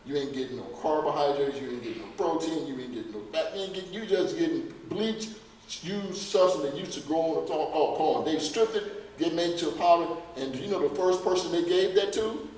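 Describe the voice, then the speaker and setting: A man's voice: a little high, a little fast, a little mellow, a little hiss or hum. A man giving a health lecture to a church audience, folksy and emphatic, firing off rhetorical questions at the crowd. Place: church hall. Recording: echoey hall recorded from far off.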